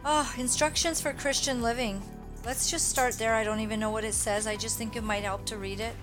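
Woman, host of her own Christian show; higher voice, emphatic and preachy, soft music bed. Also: steady tone, fairly quick. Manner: emphatic, indignant, preachy, addresses viewers directly. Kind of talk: impassioned live commentary.

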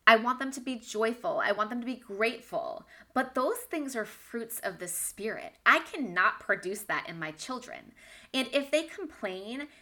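A woman delivers a devotional teaching talk in a bright, clear-toned voice. She speaks candidly and conversationally, often laughing at herself. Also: fairly high pitch. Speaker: Bible teacher for Christian moms.

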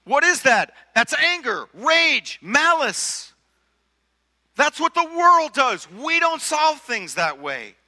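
A man's voice: extremely high pitch, very animated, takes it slowly, bright, forceful tone. A male pastor preaching a sermon in a conversational way, asking rhetorical questions and often repeating his words. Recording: long hall reverb.

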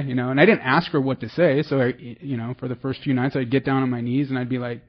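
Speaking quite quickly in a mid-range voice, this Bay Area man shares his recovery story at a meeting, wandering off track, poking fun at himself, and starting over again and again. The audio is dull, with a little background noise.

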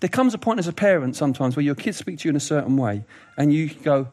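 A man's voice: fairly high pitch, fast talker, hardly any pauses. A man preaching a sermon in a chatty, conversational way, mixing in jokes, asides and playful sound effects. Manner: conversational, animated, does funny voices and asides.

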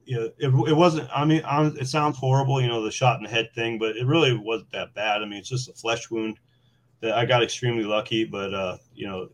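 A man's voice: medium pitch, a little fast. A former Marine recounting his experiences in a casual podcast conversation, laughing and leaning on fillers as he goes. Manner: animated, laughing, many fillers. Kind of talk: casual storytelling.

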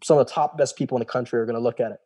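Young guy rambling through his story, keeps going "he's like", soft dark voice. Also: medium pitch, fairly even intonation, racing, husky, no echo. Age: young adult. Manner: loose, rambling, retells dialogue with "he's like". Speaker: guest telling his story. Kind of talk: casual storytelling.

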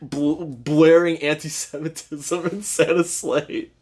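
A man's voice: a little high, steady tone, slow, a little mellow, breathy edge. A young man co-hosting a casual podcast chat, joking and laughing often. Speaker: podcast co-host.

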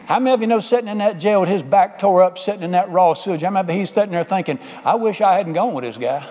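This preacher's voice sits high and a bit mellow, and he talks rapid-fire. He gives a folksy, emphatic call-and-response sermon, asking the congregation for amens, with a long hall reverb filling the church sanctuary.

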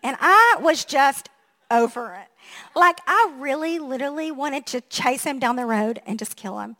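A middle-aged woman pastor giving a sermon, telling funny family stories in an animated way and laughing at herself. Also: high-pitched, moderate pace.

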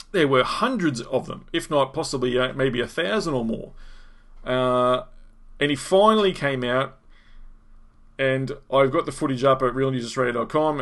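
An Australian man hosting a podcast, telling a story in lively casual commentary and acting out what people said. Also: mid-range voice. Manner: animated storyteller, acts out quotes, chuckles. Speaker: podcast host.

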